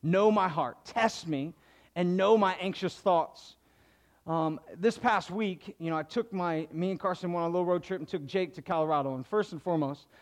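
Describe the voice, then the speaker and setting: Middle-aged male pastor, high-pitched, casual sermon with emphatic peaks. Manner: conversational, self-deprecating, builds to emphatic preaching.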